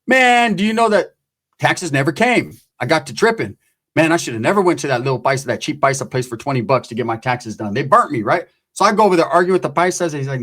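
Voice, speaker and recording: A middle-aged man tells a long, loose story packed with slang and profanity. His voice sits a little higher than most men's, and he keeps checking in with his listeners as he goes. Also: sing-song, fast talker, fairly bright tone. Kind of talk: casual storytelling.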